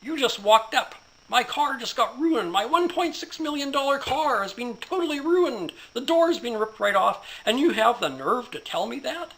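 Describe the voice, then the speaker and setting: Guy putting on a screechy rich businessman freaking out, way up high and loud. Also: animated, moderate pace, heavily acted, low-quality recording. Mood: outraged. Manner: shrill, frantic yelling. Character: ranting rich male businessman, self-absorbed and furious.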